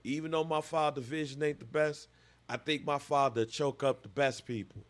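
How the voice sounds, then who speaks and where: A man's voice: fairly high pitch, normal speed. A man in his thirties, a podcast co-host, telling a story with lots of animation and acting out voices in casual chat.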